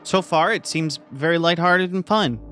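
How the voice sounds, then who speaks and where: A man's voice: fairly high pitch, normal speed, faint music behind. A man giving casual, sarcastic let's-play commentary on a game, reacting with jokes and sudden exclamations. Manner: sarcastic, jokey, animated reactions. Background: faint game soundtrack.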